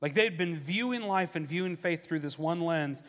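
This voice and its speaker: A man's voice: moderate pace, big-room sound. A man preaching a sermon as a pastor, talking in a conversational way and acting out the questions of the people he quotes. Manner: conversational preaching, acts out voices of questioners with rising pitch.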